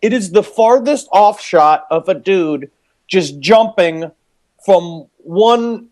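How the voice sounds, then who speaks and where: A man's voice: high-pitched, expressive, takes it slowly, darkish tone. A man co-hosting a podcast, chatting casually with rambling, joking asides. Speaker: podcast co-host. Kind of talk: casual chat.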